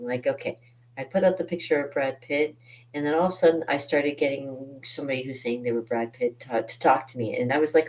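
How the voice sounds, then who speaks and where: A woman's voice: very deep voice, fairly quick, darkish tone. A woman in her fifties telling self-deprecating stories in a rambling casual monologue, often laughing at herself. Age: 50s. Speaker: artist and channel host.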